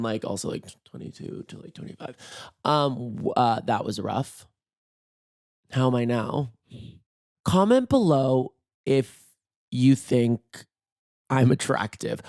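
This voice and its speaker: A man in his late twenties hosting a solo podcast from bed, his voice hoarse and nearly gone, joking in a playful, campy, self-mocking way. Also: medium pitch, mellow, no echo, clean studio sound. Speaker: podcast host. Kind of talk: casual solo podcast chat. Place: in bed at night.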